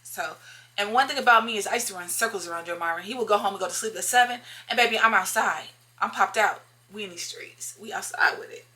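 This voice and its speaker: Woman, casual storytime vlogger, sharp bright tone, emphatic and repetitive. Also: mid-range voice, quick pace. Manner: emphatic, repeats lines for effect, talks straight to viewers.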